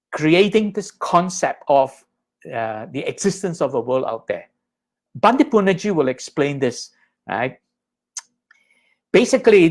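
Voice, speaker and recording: Patient man teaching Buddhist ideas. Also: on the high side. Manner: patient, explanatory, checks in with "right?" and "okay?". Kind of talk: lecture explaining slides.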